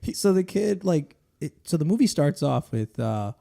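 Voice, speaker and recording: Gravelly, mellow-voiced male podcast host. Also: a little high, moderate pace. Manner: animated plot retelling with frequent laughs; rambling, with restarts. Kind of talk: casual chat.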